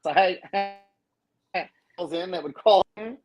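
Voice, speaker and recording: A man's voice: sits high, slow pace, faint music behind. A man guest on a podcast, telling stories in a casual, laid-back chat. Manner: laid-back, animated when imitating others.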